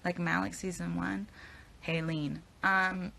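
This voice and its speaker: A woman's voice: lowish voice, little pitch movement, slow pace, creaky, bright, forceful tone. A young woman answering fan questions in a casual live Q&A, rambling and hesitant as she stumbles over her words. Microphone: phone at arm's length.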